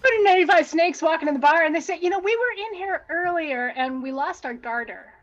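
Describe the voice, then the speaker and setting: A woman's voice: extremely high pitch, lively intonation, brisk, muffled recording. A woman improv player telling short, light jokes.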